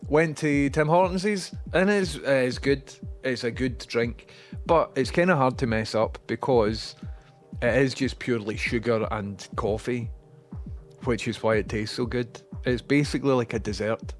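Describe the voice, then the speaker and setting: A man's voice: mid-range voice, a little slow, soft background music. A man with a Scottish accent who streams, rambling casually and self-mockingly while reading out viewer messages.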